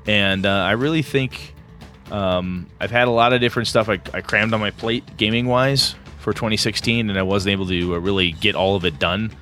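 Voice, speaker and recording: A man's voice: on the low side, steady tone, moderate pace, pushed and bright, faint music behind. A man co-hosting a tabletop gaming podcast, rambling enthusiastically with lots of fillers. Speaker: podcast co-host. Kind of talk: casual podcast chat.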